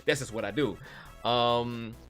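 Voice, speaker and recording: A man, a voice actor, hosting a casual live stream and answering viewer messages, chatty and animated. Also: mid-range voice, measured pace, faint music behind. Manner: chatty and animated, often laughing.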